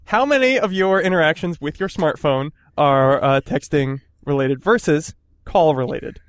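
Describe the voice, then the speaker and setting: A man's voice: on the high side, animated, moderate pace, clear, resonant tone, no echo. A man co-hosting a casual comedic chat, dry and playfully pedantic in his banter. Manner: dry, playfully pedantic, jumps into silly put-on voices. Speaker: podcast co-host.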